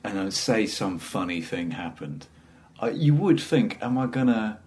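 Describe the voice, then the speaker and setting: A man's voice: low voice, sing-song, darkish tone. A man with a middle-class English accent tinged with South East London, a stand-up comedian chatting and rambling on a podcast. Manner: rambling, self-deprecating, halting restarts. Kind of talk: casual podcast chat.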